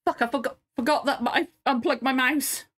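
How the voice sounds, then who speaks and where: A tearful woman with a slightly raised pitch reacts to a show, sniffling between her words. She rambles, swears freely and talks in a loose, emotional way, as if she is at home at her computer. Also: steady tone, fairly quick, fairly bright tone. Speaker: reaction video host. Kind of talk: casual reaction commentary.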